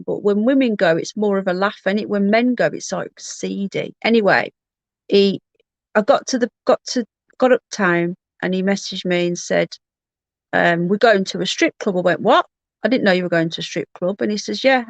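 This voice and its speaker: A woman's voice: medium pitch, no room sound. A woman hosting a livestream, telling a personal story in a candid, rambling way with frequent restarts. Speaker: livestream host.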